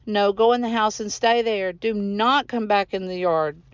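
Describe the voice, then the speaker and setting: A worn, stern farmer father, as a woman reads his lines, rushing out firm orders. Her smooth voice stays close to its usual pitch, and the recording is dry and slightly dull. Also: dry recording, close to an everyday voice. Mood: urgent. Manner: hurried, firm commands.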